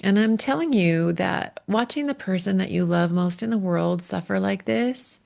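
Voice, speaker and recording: Gravelly-voiced woman coach, heartfelt and emotional. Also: mid-range voice. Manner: heartfelt, emotional, pausing to steady herself. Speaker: relationship coach. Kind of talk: personal podcast monologue.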